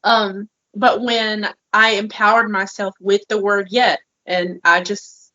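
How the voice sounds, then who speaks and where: A woman co-hosting a podcast, chatting in an animated, bubbly way. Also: medium pitch, measured pace, dry recording, dull audio. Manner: animated, bubbly, laughs often. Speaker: podcast co-host. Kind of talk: casual podcast chat.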